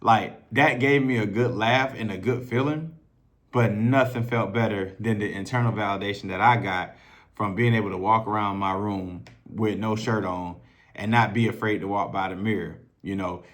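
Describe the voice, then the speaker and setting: A man's voice: on the low side, fairly even intonation, normal speed, fairly bright tone. A man in a casual, profane storytelling monologue, talking loosely and conversationally as a self-improvement coach. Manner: loose, profane and conversational, acting out others' voices.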